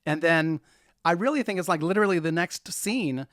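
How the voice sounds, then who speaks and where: Brief: a wry, thoughtful male guest in casual film chat, a bit high-pitched, dry sound. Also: normal speed, fairly bright tone, dry recording. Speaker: podcast guest.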